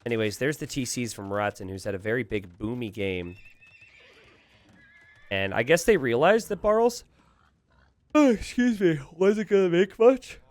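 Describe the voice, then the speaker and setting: A man casting a live strategy game, thinking aloud with animated asides to his viewers. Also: medium pitch, moderate pace, pauses often. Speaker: game caster.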